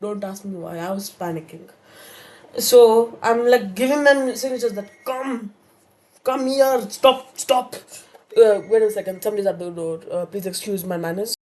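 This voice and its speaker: A woman's voice: mid-range voice, brisk, a little mellow. A woman telling a story-time tale in a casual, rambling way, with many fillers and restarts.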